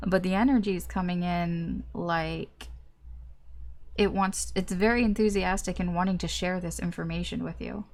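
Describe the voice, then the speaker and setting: A woman's voice: on the low side, steady tone, normal speed. A young woman giving a casual tarot reading, chatty and full of fillers, acting out little reactions as she goes. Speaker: tarot reader.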